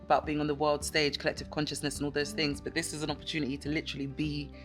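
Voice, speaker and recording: A woman's voice: low voice, little pitch movement, racing, faint music behind. A woman cast member asking questions in a round-table chat, enthusiastic and playful.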